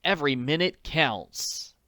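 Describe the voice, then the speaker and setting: A man's voice: fairly high pitch, animated, measured pace, pushed and bright, no echo, clean studio sound, voice pushed up. A man reading an audiobook, voicing a brave, determined teenage girl detective in an urgent, earnest way. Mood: resolute. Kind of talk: audiobook character voice.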